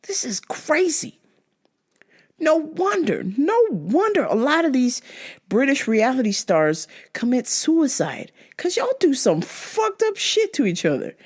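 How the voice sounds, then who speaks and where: A woman hosting a casual podcast, blunt and profane as she rants about what she has been watching. Her talk is unhurried but her pitch swings widely, and she breaks into laughter often. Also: big pitch swings, a little mellow, husky. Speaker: podcast host.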